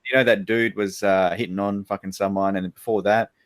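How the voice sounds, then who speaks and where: A man's voice: on the low side, flat delivery, brisk, dry recording. An Australian man chatting casually on a livestream, joking around, swearing freely and mimicking people he quotes. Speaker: guest co-host.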